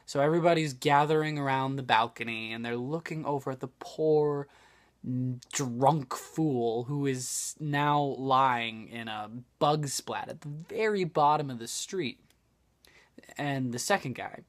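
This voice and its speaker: Slow deadpan young man telling jokes. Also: medium pitch. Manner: slow, deadpan delivery with self-deprecating asides. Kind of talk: casual joke-telling to a phone camera. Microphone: phone.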